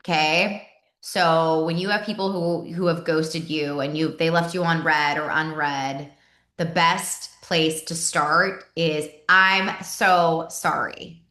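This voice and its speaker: A woman's voice: deep voice, fairly even intonation, slow, a bit bright, reverberant. A woman giving a casual sales team training talk. She chats and repeats words, and acts out sample messages.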